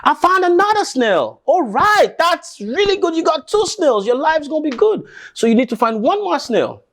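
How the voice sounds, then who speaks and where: A man's voice: fairly high pitch, moderate pace, pitched above the performer's own voice. A man voicing a determined, worried father who cheers his son on. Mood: excited. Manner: pleading, then eager and excited.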